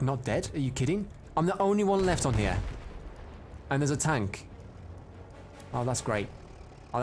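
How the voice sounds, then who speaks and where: Excitable man streaming his gameplay. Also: mid-range voice, slight background noise. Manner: excitable, swings into loud frustrated outbursts; chats to viewers and reads out their comments. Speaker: live streamer. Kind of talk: live gameplay commentary.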